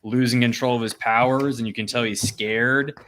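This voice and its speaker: A man co-hosting a casual podcast chat, reflective and measured with some hesitations. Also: medium pitch, fairly even intonation, a bit bright, slight background noise. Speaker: podcast co-host.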